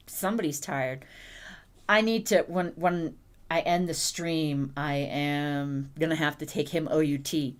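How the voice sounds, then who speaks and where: A woman's voice: deep voice, measured pace. A woman hosting a casual livestream, cooing and baby-talking to her puppy and laughing often. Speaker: livestream host.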